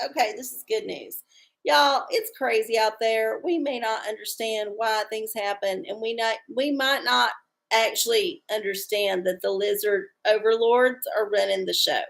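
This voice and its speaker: This tarot livestreamer speaks at normal speed in a fairly high, creaky, bright voice with fairly even intonation. Her chat with viewers is rambling and irreverent, full of crude jokes and frequent chuckles.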